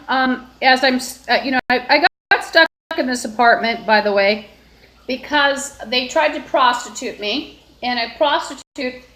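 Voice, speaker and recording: A woman's voice: on the high side, a bit bright. A woman live-streaming alone from her apartment, talking on and on with lots of fillers and restarts. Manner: meandering, with frequent fillers and restarts. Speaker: livestreamer. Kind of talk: rambling solo live stream. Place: indoors in an apartment. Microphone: phone. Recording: echoey room.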